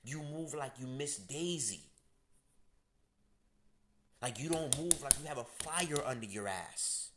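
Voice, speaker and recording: A man talks straight to his audience in a loose, casual rant. He is blunt and profane and leans on slang, with a voice of middling pitch. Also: animated, slow pace, pauses often, noisy background. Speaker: astrology channel host. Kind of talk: casual direct-to-camera rant.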